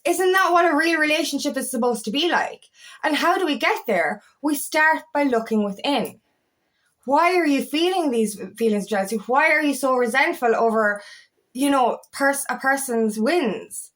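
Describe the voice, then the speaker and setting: Blunt self-help coach woman, slightly high voice, swears a lot, heated rant vibe. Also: moderate pace. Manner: blunt and heated, swears often, animated rants. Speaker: feminine empowerment coach. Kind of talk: casual talk to camera.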